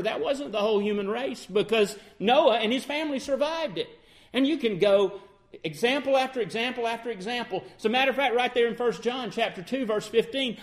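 A man preaching a sermon, reading old-style scripture in a measured cadence and swinging between emphatic declarations and low, slow passages. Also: animated.

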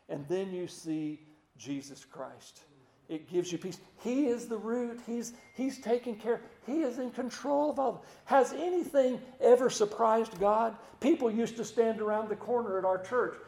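A man preaching a sermon in a folksy way, repeating words and slowing down to hushed emphasis. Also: high voice, roomy sound.

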